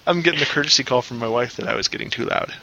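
A man's voice: medium pitch, very fast, dull audio, background noise. A man hosting a casual comedy podcast, telling jokes and laughing a lot. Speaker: podcast host. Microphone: headphones and desk mic, remote call.

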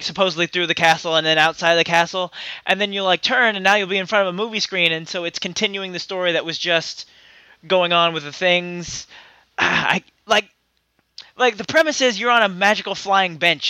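Man, casual podcast host, high bright voice, rambling and profane. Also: clean tone, no room sound.

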